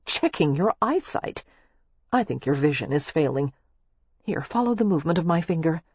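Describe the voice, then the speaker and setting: A reader voicing a fretful, outspoken young pregnant wife who exclaims impatiently, in a husky voice. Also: female voice, low voice, lively intonation, moderate pace, darkish tone, dry recording, dull audio. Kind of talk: audiobook character voice.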